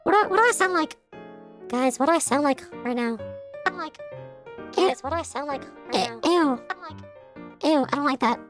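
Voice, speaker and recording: A man talking in falsetto through a vocoder with raised formant to sound like a young girl, greeting his stream chat. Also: animated, moderate pace, pauses often, a bit bright, faint music behind. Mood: giddy. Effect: vocoder formant shift upward. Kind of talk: live stream chatter.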